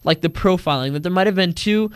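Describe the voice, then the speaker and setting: A man's voice: high voice, quick pace, smooth, no echo, studio quality. A teenage boy giving an earnest, indignant account of his own experience in a personal monologue. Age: teens. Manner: earnest, indignant, acts out quoted voices.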